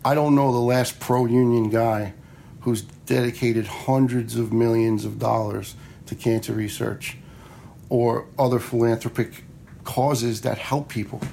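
A man's voice: mid-range voice, steady tone, a little slow, creaky, dark tone, a little hiss or hum. A man, a retired fire lieutenant telling personal stories in a blunt, frank way, swearing freely and acting out the dialogue he quotes. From New York area. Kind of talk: casual personal storytelling.

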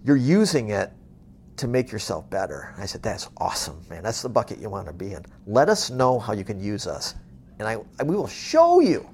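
A man from the moving business tells motivational stories straight, with no sugarcoating and a few swear words. His voice is gravelly and a little husky. His pitch swings widely as he slips into the people he quotes. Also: huge pitch swings, normal speed, a little mellow. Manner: blunt, tough-love, swears freely; acts out quoted conversations. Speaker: moving company executive. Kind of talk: motivational storytelling.

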